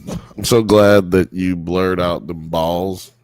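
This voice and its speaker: A man's voice: low-pitched, steady tone, slow, a little mellow, no room sound, clean studio sound. A man co-hosting a live podcast who jokes around in a goofy, gross-out way. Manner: goofy and joking, given to gross-out humor. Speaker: podcast co-host. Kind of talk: casual banter on a live podcast.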